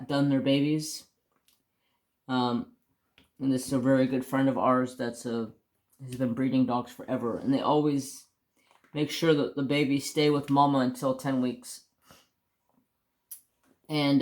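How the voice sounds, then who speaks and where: A man casually telling a long personal story on his crafts channel, rambling with restarts and mild swearing. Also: medium pitch. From United States.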